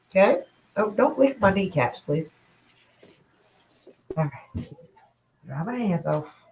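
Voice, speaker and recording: A woman hosts a late-night livestream from home, rambling, laughing and growing drowsy in casual chat. Her gravelly, medium-pitched voice is animated but slow, with frequent pauses. It's picked up by a laptop or phone mic in an echoey room, with background noise.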